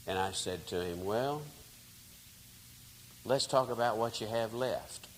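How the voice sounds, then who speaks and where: Folksy preacher from Texas in a hall. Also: male voice, lowish voice, a little slow, pauses often. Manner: folksy, conversational, dramatic shifts in loudness. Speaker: pastor. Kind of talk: storytelling sermon. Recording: reverberant hall, faint hiss.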